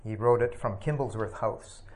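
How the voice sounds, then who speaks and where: A man's voice: on the low side, darkish tone. Reflective man sharing a personal story. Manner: reflective, halting with frequent ums and uhs. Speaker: speaker sharing a personal testimony. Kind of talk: personal testimony talk.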